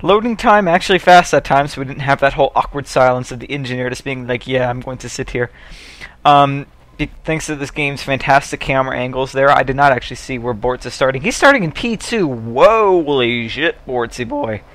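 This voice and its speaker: A man's voice: mid-range voice, lively intonation, a little fast, fairly bright tone. A young man giving casual, rambling commentary over a racing video game, joking and swearing as he goes. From United States.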